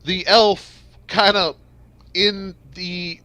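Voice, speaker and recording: A man's voice: sits high, lively intonation, slow, bright, forceful tone, no room sound. A man running a tabletop game as game master, narrating in a loose, joking, profane way.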